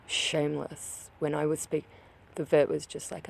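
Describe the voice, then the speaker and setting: A vlogger recounting a personal account, upset and grieving, halting with many restarts and sometimes dropping to a whisper. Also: medium pitch, little pitch movement, gravelly.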